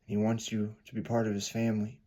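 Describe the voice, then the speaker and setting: A man voicing a kind, steady male soldier in a sermon story, speaking calmly and reassuringly. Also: lowish voice, a little fast, lightly acted. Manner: calm, reassuring.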